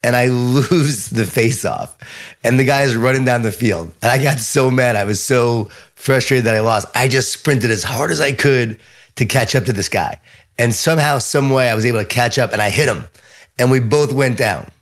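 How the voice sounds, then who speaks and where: A middle-aged man with a Long Island New York accent, a guest author giving lively storytelling answers in an interview. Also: mid-range voice, brisk.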